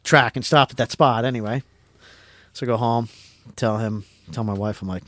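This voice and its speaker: A middle-aged man from Pennsylvania, a podcast guest telling a story in casual, rambling, excitable talk that stumbles over repeated words. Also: mid-range voice, moderate pace, no echo.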